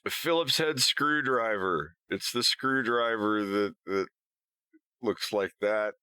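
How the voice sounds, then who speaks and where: Laid-back streamer guy rambling slow, deep-ish voice, lots of pitch swings. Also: bright, forceful tone, smooth, no echo, studio quality. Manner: rambling, laughing easily. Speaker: animator streamer. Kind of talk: casual live-stream chat.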